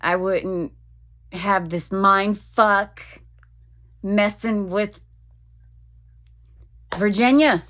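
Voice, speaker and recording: Slow-talking woman venting frankly. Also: mid-range voice, fairly even intonation, fairly bright tone. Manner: frank and profane, venting with halting restarts. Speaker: vlogger. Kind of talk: personal confessional vlog.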